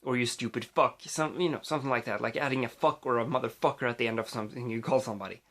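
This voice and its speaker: A man from Sweden with a Swedish accent talks straight into his phone's mic. He rambles loosely, restarting his sentences and padding them with fillers, at an ordinary pitch for a man. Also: fast, a bit bright. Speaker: vlogger. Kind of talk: casual rambling vlog.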